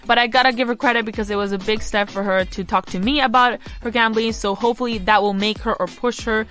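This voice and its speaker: A woman's voice: a little high, fairly even intonation, fast talker, fairly bright tone, soft background music. A young woman hosting a podcast, giving advice in casual chat and rambling with lots of "like" and "you know". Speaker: podcast host.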